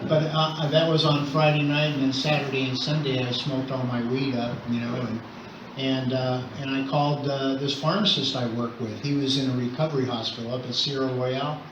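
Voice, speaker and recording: A man's voice: medium pitch, little pitch movement, a little fast. An older man sharing his recovery story at a meeting, talking in a conversational way with wry humor. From Southern California. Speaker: AA meeting speaker. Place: meeting hall. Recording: roomy, distant, muffled with noise.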